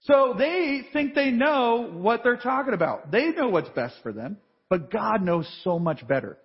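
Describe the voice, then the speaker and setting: A man's voice: high-pitched, a little slow. A man preaching a sermon in a large church, reading scripture aloud and acting out the voices in the story. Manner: animated, reads scripture then acts out voices. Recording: dull live church feed with long reverb.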